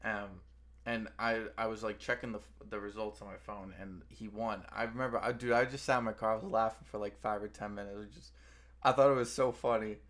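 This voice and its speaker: A man's voice: fairly low pitch, flat delivery, fairly quick, fairly bright tone. A man chatting casually as a co-host, telling a story in loose, slangy speech that restarts often. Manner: rambling, restarts a lot, slangy. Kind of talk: casual chat.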